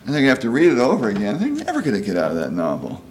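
A man's voice: medium pitch, wildly swooping pitch, very fast, a little mellow, slight background noise. A man in his sixties giving a conversational sermon, folksy and chatty, often asking "you know?" and acting out quoted voices. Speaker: preacher.

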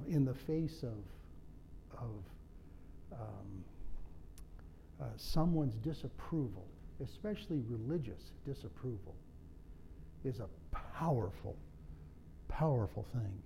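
Slow, mellow-voiced man preaching. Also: fairly high pitch, very animated, a little hiss or hum. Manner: conversational, self-deprecating humor and asides. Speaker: pastor. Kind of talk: sermon.

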